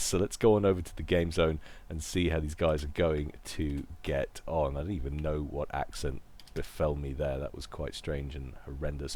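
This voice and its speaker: Low-voiced man casting a game. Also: moderate pace, no echo. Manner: chatty, joking, self-deprecating. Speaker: game commentator. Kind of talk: casual video game commentary.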